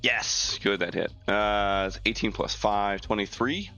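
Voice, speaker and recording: Low gravelly guy describing his character's moves, bright tone, lots of uhs. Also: faint music behind. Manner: halting, many ums and uhs. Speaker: player. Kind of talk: tabletop role-play as a player.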